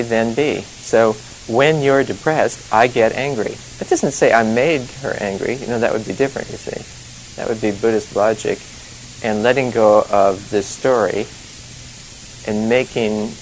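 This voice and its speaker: A man's voice: medium pitch, unhurried, low-quality recording. A male meditation teacher talks loosely and conversationally, stopping often to chuckle and check in with "you see?" His speech wanders and restarts. A faint hiss sits under the recording. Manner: chatty, rambling, laughs often, many "you know" and "you see" asides. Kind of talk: informal dharma talk.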